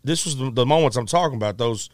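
A middle-aged man, a musician, telling a story in a casual, animated way, acting out quotes with many restarts. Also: mid-range voice, fast talker, no echo, studio quality.

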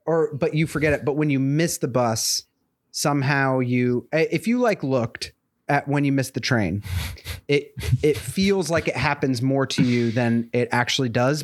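A man talking loosely in a relaxed podcast chat, circling his point with lots of "like" and "um". His voice sits at an ordinary middle pitch. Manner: rambling, many fillers and restarts.

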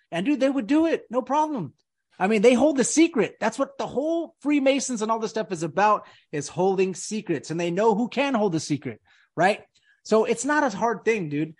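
Guy with a high voice hosting a podcast, rambly, keeps saying dude and man. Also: lively intonation, a little fast, a little mellow. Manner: rambling, emphatic, says dude and man a lot. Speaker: podcast host. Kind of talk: casual conspiracy podcast chat.

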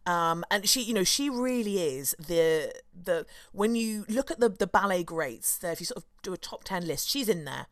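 A woman's voice: lowish voice, expressive, moderate pace, hardly any pauses, no echo. A woman in her thirties hosting a podcast, telling a story in a chatty, enthusiastic way with many fillers. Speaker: podcast host. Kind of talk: casual chat.

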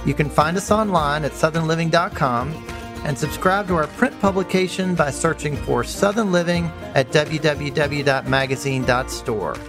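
A man's voice: on the high side, moderate pace. A man hosting a podcast, thanking his guest and reading a scripted closing. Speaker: podcast host. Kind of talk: scripted outro read. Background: music.

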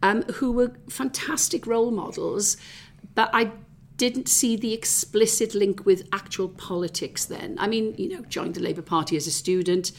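A woman's voice: medium pitch, normal speed, creaky. A middle-aged woman from the South Wales valleys with a Welsh accent, talking in an interview and reminiscing in a chatty way with many fillers and restarts. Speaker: interview guest. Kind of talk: reflective conversational interview.

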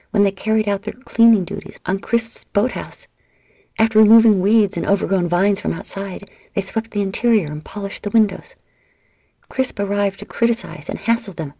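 A woman reading a novel aloud in steady, measured audiobook narration. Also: mid-range voice, creaky, no room sound, clean studio sound.

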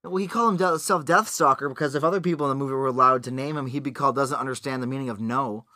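A man's voice: medium pitch, racing, bright, forceful tone, dry recording, studio quality. A man co-hosting a podcast, reviewing a movie in casual banter with a crude, sarcastic, blunt manner. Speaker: podcast co-host.

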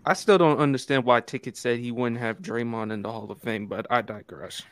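A man's voice: mid-range voice, brisk, clear, resonant tone, dry recording. A man co-hosting a basketball podcast, questioning the others' picks and then explaining his own. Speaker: podcast co-host. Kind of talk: casual sports debate.

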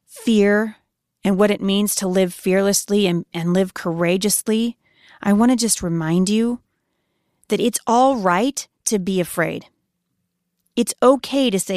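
A woman in her thirties giving an earnest devotional sermon, softly emphatic and slowing down when she quotes scripture. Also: medium pitch, dry recording, studio quality. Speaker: Christian speaker.

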